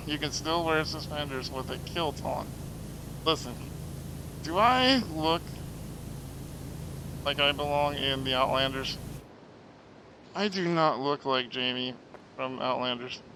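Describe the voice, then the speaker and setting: A man streaming a game and chatting with viewers, joking and self-mocking, often clearing his throat. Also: mid-range voice, fairly even intonation, a little slow, pauses often, background noise. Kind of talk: casual chat reading out stream chat.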